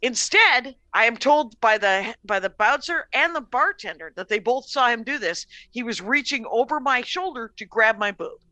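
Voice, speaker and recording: A middle-aged woman comedian telling a story in a casual podcast chat, animated, laughing often and swearing freely. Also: fairly high pitch, moderate pace, hardly any pauses, no room sound. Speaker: comedian guest.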